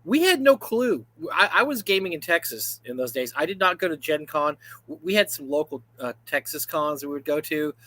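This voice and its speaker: Guy in his 50s, lively chatty co-host, voice sits a bit high, loads of asides. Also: brisk, hardly any pauses. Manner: animated storyteller, full of asides. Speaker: livestream co-host. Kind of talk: casual chat.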